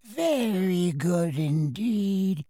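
A doddering old wizard examiner. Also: male voice, sits high, lively intonation, mellow, no room sound, pitched above the performer's own voice, exaggerated voice. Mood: genial. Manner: slow, quavering and doddering. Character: frail, enthusiastic elderly male wizard examiner.

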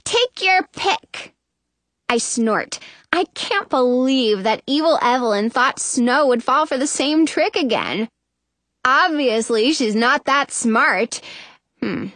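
A woman narrating a children's story in the first person, chatty and expressive. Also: sits high, slow pace, no room sound. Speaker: audiobook narrator.

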